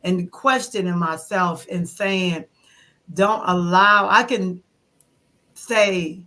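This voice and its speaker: A woman in her fifties, speaking as an interview guest in a bright, sharp-edged voice. She tells her story in an animated way, playing out her own past thoughts as little quoted scenes. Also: lowish voice, slow. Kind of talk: conversational interview.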